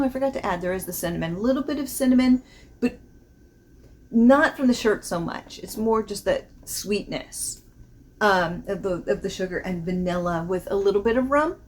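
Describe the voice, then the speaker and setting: A woman vlogging a casual fragrance review, chatty and rambling, laughing often as she describes the notes. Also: mid-range voice. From not from the American South.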